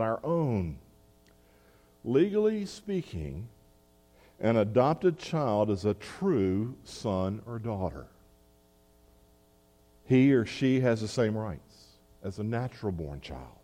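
Male pastor preaching, warm mellow voice, chatty asides, long church echo. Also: fairly low pitch. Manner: conversational preaching with asides and restarts. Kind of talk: sermon.

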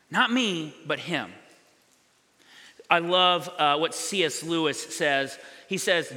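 Animated high-voiced male pastor in a hall. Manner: animated, conversational, acts out little scenes. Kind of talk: sermon. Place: church sanctuary.

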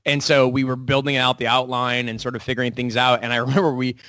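A man who writes comic books, talking casually in an interview, animated and full of quick restarts and acted-out quotes. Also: mid-range voice, no echo.

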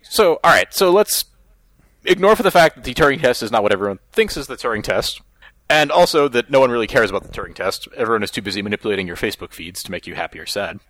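A man's voice: medium pitch, animated, fairly bright tone, no echo. A man co-hosting a podcast in casual chat, wry and joking. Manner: wry, joking, quick asides. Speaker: podcast co-host.

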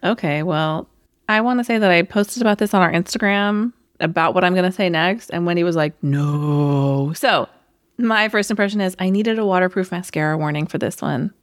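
A woman's voice: on the low side, fairly quick, dry recording, studio quality. A woman co-hosting a casual movie review podcast, telling her story with feeling. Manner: emotional, animated storyteller. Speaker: podcast co-host.

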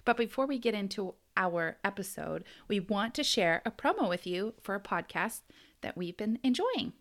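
With a medium-pitched, somewhat bright voice, an American podcast co-host chats casually at a moderate pace. She's very animated, laughing a lot as she tells her story.

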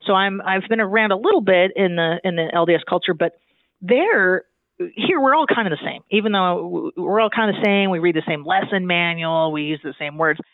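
A man from Southern California talks as a guest in a chatty, animated way, often restarting his sentences. His voice sits high. The sound is thin and phone-like and completely dry. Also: a little fast, no echo. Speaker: guest, divinity student. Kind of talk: casual conversation.

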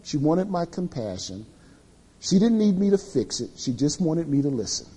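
A middle-aged man preaching a sermon to men, telling confessional stories in an animated way. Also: a little high, moderate pace, slightly rough.

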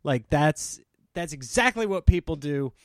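A man's voice: on the high side, lively intonation, measured pace, no room sound, studio quality. A man hosting his own comedy podcast, talking casually and self-deprecatingly, swinging into mock voices as he rants. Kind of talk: casual solo podcast rant.

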